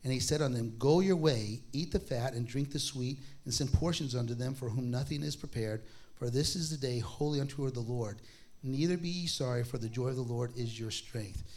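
A man, probably a pastor, teaching a Bible study in a relaxed, conversational way, reading scripture slowly and acting out voices in his stories. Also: medium pitch. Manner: conversational, acts out voices in stories, laughs often; reads scripture aloud slowly.

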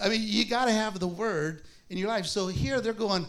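Male pastor, slightly raised pitch, chatty Bible teacher who acts out quotes and laughs easily. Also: fairly bright tone. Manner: conversational, acts out voices in stories, laughs often; reads scripture aloud slowly.

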